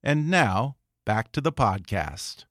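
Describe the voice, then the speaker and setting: A man hosting a podcast interview, reacting quickly and laughing along, then reading an ad. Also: mid-range voice, big pitch swings. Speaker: podcast host. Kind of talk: interview chat and ad read.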